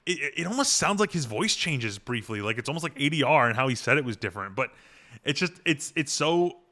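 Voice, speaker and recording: A man's voice: medium pitch, sing-song, a little fast, bright, forceful tone. A man co-hosting a podcast, rambling through an episode recap and acting out quoted lines in funny voices. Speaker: podcast co-host. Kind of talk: casual chat recapping a TV episode.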